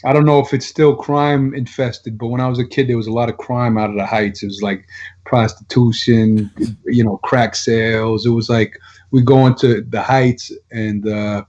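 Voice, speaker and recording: A man's voice: mid-range voice, fairly even intonation, moderate pace, a little mellow. A middle-aged man from Long Island, a guest telling blunt, profane stories with lots of laughs in a casual podcast chat. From Long Island, New York. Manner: blunt, profane storyteller who laughs often. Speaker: guest rapper. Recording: dull lo-fi sound.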